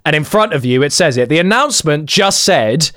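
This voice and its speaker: A man's voice: on the high side, a little fast, dry recording, studio quality. A young man hosting a casual podcast, telling stories animatedly and putting on the voices of the people in them. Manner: animated storyteller who acts out other people's voices. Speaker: podcast host.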